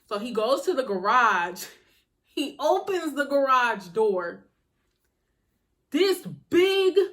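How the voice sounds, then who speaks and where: A young woman telling a personal story in a casual, slangy, animated way in a storytime vlog. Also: sits high. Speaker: vlogger.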